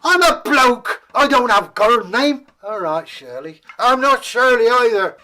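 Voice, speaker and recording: Man doing small hot-tempered dwarf, shouting, high pitched, bright edge. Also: sing-song, measured pace, exaggerated voice. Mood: indignant. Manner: shouting, indignant.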